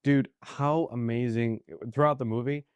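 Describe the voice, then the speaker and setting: A man's voice: medium pitch, fairly even intonation, moderate pace, clear, resonant tone, no echo. A man hosting a casual podcast, enthusiastic and full of fillers. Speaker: podcast host. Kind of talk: casual chat.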